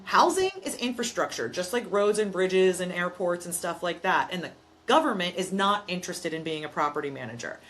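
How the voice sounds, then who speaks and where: A woman's voice: lowish voice, lively intonation, brisk, a bit bright. A woman property manager and investor talking in a casual podcast conversation, explaining things emphatically and telling stories in which she acts out both sides.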